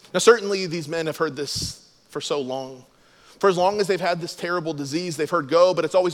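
A man's voice: on the high side, normal speed, big-room sound. A man preaching a sermon as a pastor, explaining scripture and acting out the quoted lines.

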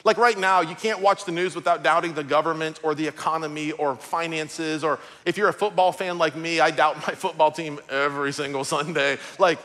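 A man in his thirties, a pastor preaching a sermon and telling a personal story with strong emotion, swinging from loud to hushed. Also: a little high, steady tone, brisk, hardly any pauses.

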